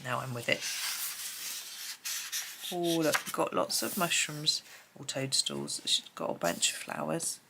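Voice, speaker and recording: Her voice sits low, sing-song and unhurried, with vocal fry and frequent pauses, and the recording is very noisy. She is a sleepy, freshly woken host casually musing through a flip-through chat with light laughs.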